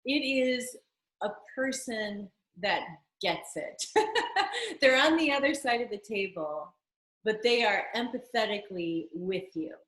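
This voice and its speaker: A woman tells a story as an interview guest, animated and emotional, her voice rising and falling with feeling. She talks over a video call, and her sound carries a noticeably roomy echo. Her pitch sits in an ordinary middle range for a woman. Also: unhurried. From United States. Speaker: interview guest, singer and actress.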